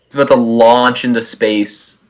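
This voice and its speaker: A man's voice: medium pitch, fairly even intonation, unhurried, rough recording. A man chatting casually on a comedy podcast, teasing his friend with swear-laced banter.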